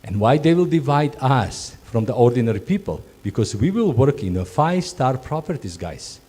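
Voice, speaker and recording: A man instructs hospitality job candidates in emphatic non-native English, often repeating and restarting words. His mid-range voice swings widely in pitch, moving at normal speed, mellow with a breathy edge.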